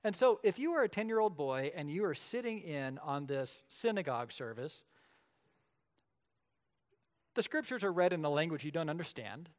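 Brief: male pastor with a somewhat high voice, animated storytelling sermon, dips loud and soft. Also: brisk. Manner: lively storytelling preacher, shifts between loud and quiet.

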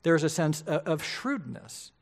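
A middle-aged pastor preaches a sermon in a lively, conversational style, frequently putting rhetorical questions to the congregation. His voice is a little high, gravelly, and unhurried.

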